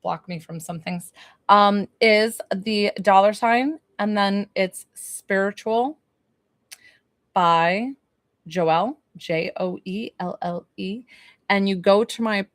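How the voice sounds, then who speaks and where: A woman's voice: mid-range voice, slow, a bit bright, dry recording, clean studio sound. A woman from New York giving a spiritual reading on a phone livestream, gushing, laughing often and chatting with viewers. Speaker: psychic medium.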